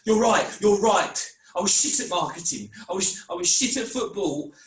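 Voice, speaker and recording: A man voicing a guilt-ridden, self-doubting young man in an online script reading, halting and anguished. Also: sits high, animated. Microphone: video call mic. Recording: echoey room, mic at a distance.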